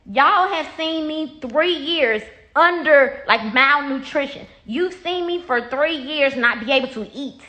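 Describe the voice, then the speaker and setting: High-voiced woman, blunt and profane. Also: lively intonation, a little slow, hardly any pauses, pushed and bright. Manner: blunt, profane, repeats herself when riled. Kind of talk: casual talk straight to followers. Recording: echoey room.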